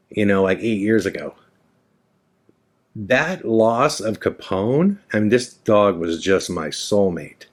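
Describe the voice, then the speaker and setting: A man in his forties hosting a podcast, telling a candid personal story in a frank, rambling way and swearing freely. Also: on the low side. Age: 40s. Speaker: podcast host.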